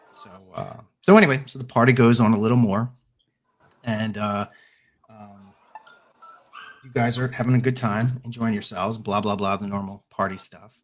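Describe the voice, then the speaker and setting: A man running a tabletop spy game as game master, narrating a party scene with frequent fillers and restarts. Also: fairly low pitch. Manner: halting, many fillers and restarts.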